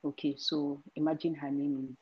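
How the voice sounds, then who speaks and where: A woman's voice: low-pitched, flat delivery, normal speed, breathy edge, no room sound, highs cut off. A young woman guest on a podcast, speaking earnestly and giving her opinions in a casual chat. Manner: shy at first, then earnest and opinionated.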